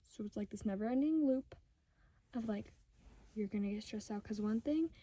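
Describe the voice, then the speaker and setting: A fifteen-year-old girl ranting casually to camera at home, rambling and sidetracked, talking fast in bursts and often dropping to a whisper. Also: medium pitch, dark tone. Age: 15, teenager. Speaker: vlogger. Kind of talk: casual unscripted rant to camera.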